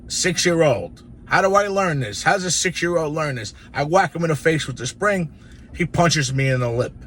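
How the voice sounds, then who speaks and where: A man in his sixties casually telling childhood stories to camera in an animated, profane, rambling way. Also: on the high side, normal speed, a little hiss or hum. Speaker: storyteller.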